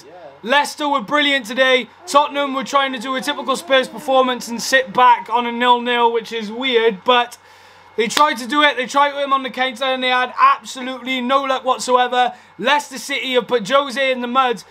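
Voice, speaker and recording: A young man giving live fan reactions to a football match, excitable and quick to shout and swear at goals and referee calls. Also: very high voice, slight background noise.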